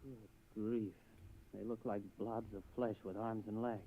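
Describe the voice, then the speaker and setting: A breezy Brooklyn rocket captain. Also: male voice, on the low side, flat delivery, unhurried, highs cut off. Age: 20s. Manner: breezy, easygoing and plainspoken, narrating his past. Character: brash young American rocket captain.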